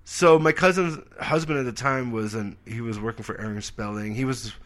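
A man in his forties telling stories in a casual interview, animated and swearing freely, acting out the people in his stories. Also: mid-range voice, fairly quick. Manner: animated storyteller, acts out quoted voices, swears freely. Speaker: comedian guest.

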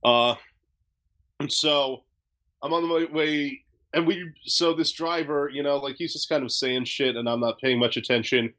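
A man's voice: medium pitch, fairly even intonation, measured pace, fairly bright tone. Podcast guy rambling through a story, lots of likes and swears, mid voice. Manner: rambling, many fillers, swears freely. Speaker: podcast host. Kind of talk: casual storytelling.

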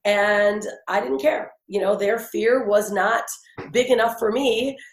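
A woman in her forties telling her life story in an interview, chatty and animated, with many fillers and restarts. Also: mid-range voice, a little slow, roomy sound. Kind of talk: conversational storytelling.

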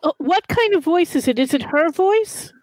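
A woman's voice: very high voice, lively intonation, moderate pace, darkish tone, no room sound, rough recording. A woman playing a tabletop game, asking questions in a tentative way. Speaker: player. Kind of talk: casual play chat.

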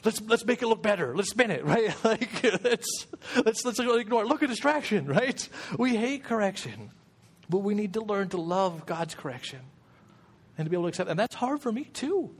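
A man's voice: high voice, sing-song, moderate pace, breathy edge. A middle-aged man giving a casual, jokey sermon as guest preacher, often acting out quoted voices.

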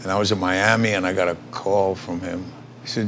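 A man's voice: deep voice, steady tone, fairly quick, a bit bright, a little hiss or hum. An older man, an actor being interviewed, telling rambling, salty stories and laughing as he goes. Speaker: actor guest. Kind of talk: casual anecdotal storytelling.

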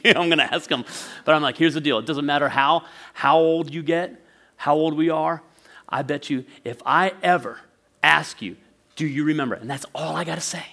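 A man in his forties preaching a sermon as pastor, telling a childhood story in a lively way and laughing often. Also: a little high, a little fast, gravelly. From northwestern Pennsylvania.

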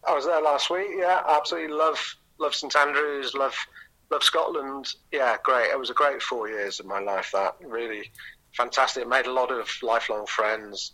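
A middle-aged man from England, a guest in an interview, telling long anecdotes with frequent pauses and ums. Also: medium pitch, pushed and bright, poor audio. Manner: rambling storyteller with frequent ums.

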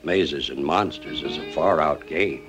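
An actor playing a grim, suspicious male investigator in a film, with a slow, ominous delivery. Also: extremely low pitch. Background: guitar music.

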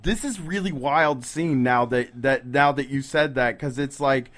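A man's voice: medium pitch, measured pace, background noise. A man co-hosting a podcast, reacting with jokes and laughter in casual chat. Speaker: podcast co-host.

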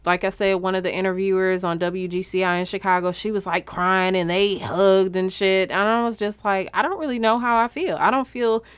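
A woman co-hosting a podcast, talking blunt and animated in casual chat with slang and swearing. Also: medium pitch, brisk, hardly any pauses, clean tone, dry recording. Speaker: podcast co-host.

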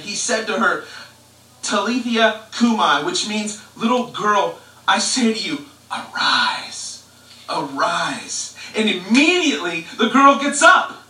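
Male pastor, high bright voice, chatty preaching style, echoey living room, distant mic. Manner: conversational preaching, fillers and restarts. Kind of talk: live-streamed sermon.

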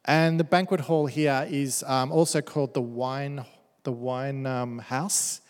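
A male pastor delivers a sermon in an animated, joking way, reading verses and then riffing on them. His voice sits in a middle pitch. The sound trails off in the long reverb of a church hall. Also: slow. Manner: animated and joking, reads verses aloud with playful asides.

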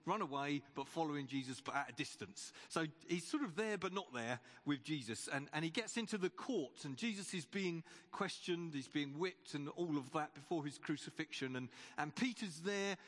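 A male preacher delivers a sermon in a conversational way, often restarting and repeating words as he goes. His voice sits somewhat high for a man. A long reverb from the church hall trails after each phrase. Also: animated, moderate pace, hardly any pauses, fairly bright tone. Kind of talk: sermon with retold Bible story.

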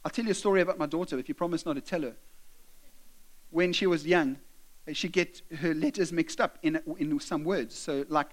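Middle-aged guy preaching, high voice, earnest and direct, chatty asides. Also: moderate pace. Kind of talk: sermon.

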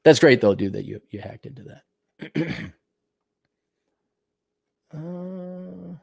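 Brief: older male podcast host, sick, gravelly, animated swearing rant, dry close sound. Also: on the high side, drawn-out words, no room sound. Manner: profane, sarcastic, reads donor messages aloud. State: sick, clearing his throat. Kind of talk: casual ranting monologue.

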